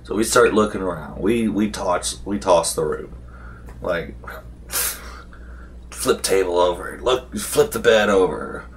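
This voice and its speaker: Speaking low and a little slowly, this male vlogger loosely retells a tabletop game session, drifting through the tale with fillers and false starts. A faint hiss or hum runs under the recording.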